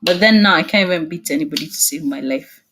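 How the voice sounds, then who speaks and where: A young woman speaking as a guest in a casual video-call interview, expressive and laughing often. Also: sits low, fast, slight background noise.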